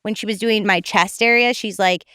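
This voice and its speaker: A young woman chatting as a podcast guest, telling a personal story with lots of "like" and little acted-out quotes. Her voice is smooth and clear, recorded close and dry with no room sound. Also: mid-range voice, steady tone, normal speed, bright, forceful tone, no room sound. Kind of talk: casual chat.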